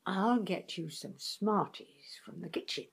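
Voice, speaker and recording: A woman's voice: fairly low pitch, lively intonation, vocal fry, husky, in a whisper, exaggerated voice. Woman playing a weary, coaxing carer sister. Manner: slow, soothing, coaxing. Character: weary sister caring for brother with dementia. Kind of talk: stage drama acting.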